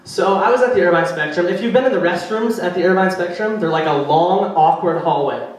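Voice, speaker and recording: A young stand-up comedian with a high-pitched voice rambles chattily and fairly quickly through his routine, teasing the audience. The live venue is echoey, and he sounds far from the mic.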